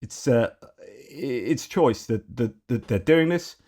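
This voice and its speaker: Cheery slangy New Zealand bloke as a man puts him on, jokey, upbeat, mid-pitched, put-on New Zealand accent. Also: expressive, takes it slowly, darkish tone. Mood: jokey cheer.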